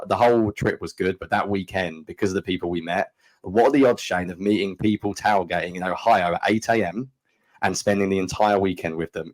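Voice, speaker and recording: A man in his thirties with a London accent speaks quickly and low in his range. He tells stories in a rush, animated and chatty, as a podcast co-host. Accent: London English. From England. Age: 30s. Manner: fast, animated storyteller. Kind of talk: casual chat.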